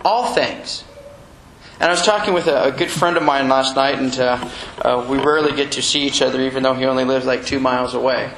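A man preaching a sermon in a church, animated and chuckling as he acts out little quotes. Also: medium pitch, brisk. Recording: echoey room with faint noise.

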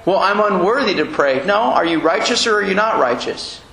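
A man preaching a sermon in a church, animated and chuckling as he acts out little quotes. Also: sits high, moderate pace, creaky. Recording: echoey room with faint noise.

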